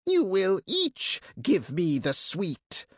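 A man voicing a greedy, bird-like monster with a strained, rasping high voice and slow, broken, menacing speech in an audiobook. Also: wildly swooping pitch, no room sound, studio quality, full character voice.

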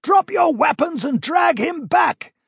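A man voicing a commanding male dwarf prince in battle, shouting urgent orders in a high, strained voice. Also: lively intonation, slow pace, gravelly, dry recording, studio quality, full character voice.

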